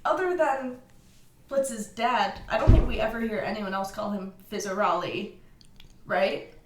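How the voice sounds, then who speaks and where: A woman's voice: medium pitch, measured pace, background noise. A woman co-hosting a casual fan podcast, thinking aloud as she talks through ideas. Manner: musing, thinks aloud with fillers. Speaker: podcast co-host. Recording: echoey room.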